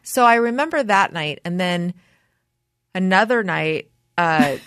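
A woman's voice: unhurried, smooth, no room sound, studio quality. A middle-aged woman hosting a podcast, telling stories animatedly in a casual chat. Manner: animated storyteller, jumps high when quoting herself. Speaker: podcast host.

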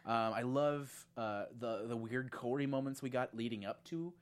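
With a rumbling low voice at normal speed, a woman co-hosts a podcast recapping a TV series in casual chat. She's animated, acting out quotes in different voices, with lots of fillers.

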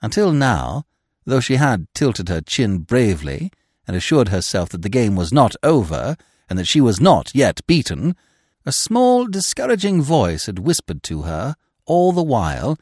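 A man narrating a comic classic novel as an audiobook, telling it with expressive storytelling. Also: medium pitch, measured pace, slightly rough, no room sound, studio quality. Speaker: narrator and podcast host.

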